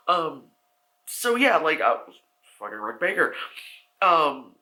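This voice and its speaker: Speaking slowly with big swings in pitch, this man rambles through a casual film review full of swearing and "like." He plays the characters himself, breaking into abrupt high-pitched shouts.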